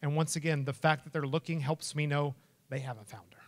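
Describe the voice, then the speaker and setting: A middle-aged man preaching a sermon as a lively storyteller, acting out voices and shouting names. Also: on the high side, brisk. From Texas. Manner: animated storyteller, acts out quotes and shouts. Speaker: pastor.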